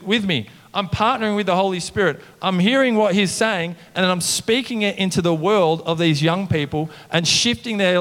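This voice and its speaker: A man preaching a casual, animated sermon, often saying "come on". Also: high-pitched, in a large hall. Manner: animated, conversational preaching with mimicked voices and "come on" refrains. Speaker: pastor.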